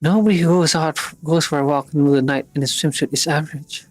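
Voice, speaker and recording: A man's voice: fast, dry recording. A man streaming, reading a game's story dialogue aloud and voicing each character in turn. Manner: switches pitch and pace between characters, animated.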